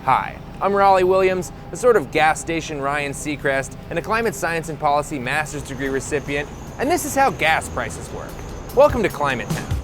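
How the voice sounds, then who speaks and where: A man's voice: fairly high pitch, animated, moderate pace, loud music behind the voice. A young man hosting a comedic explainer video, sarcastic and jokey, with swearing along the way. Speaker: host.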